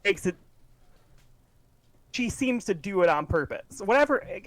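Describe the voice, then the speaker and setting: A podcast co-host in a casual discussion, speaking in a hesitant, halting, hedging way. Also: medium pitch, lively intonation.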